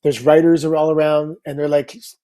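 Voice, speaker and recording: A middle-aged man, a guest on a talk show, telling a story in an upbeat, casual way with quick asides. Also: a little high. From Canada. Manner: lively anecdote teller, upbeat, quick asides.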